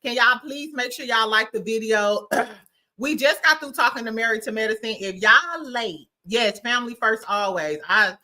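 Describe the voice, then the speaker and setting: A woman's voice: on the high side, moderate pace, pushed and bright. A woman from St. Louis hosting a casual livestream, bubbly and laughing often as she greets her chat by name. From St. Louis, USA. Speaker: livestream host.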